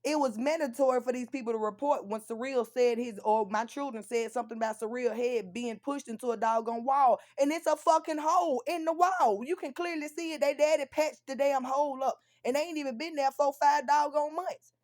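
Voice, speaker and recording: A young woman venting on a live stream, profane and confrontational, going from tired and quiet to loud and angry. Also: high-pitched, fairly even intonation, brisk, hardly any pauses. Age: young adult. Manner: drops to weary, quieter stretches. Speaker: livestreamer. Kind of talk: heated live-stream rant.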